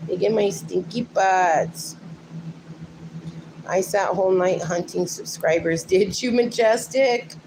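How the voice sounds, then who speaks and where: A middle-aged woman hosts a relaxed livestream from her home, chatting loosely with viewers and reading their comments aloud. She talks at an unhurried pace, and a steady hiss of background noise sits under her phone-mic voice. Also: medium pitch. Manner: speaks fondly to her sleeping dogs. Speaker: livestream host. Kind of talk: casual livestream chat.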